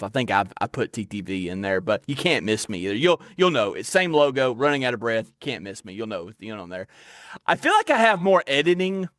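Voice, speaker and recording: A man's voice: medium pitch, no echo, studio quality. A man with a Southern accent hosting a casual podcast, talking loosely with lots of laughs and folksy fillers. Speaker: podcast host.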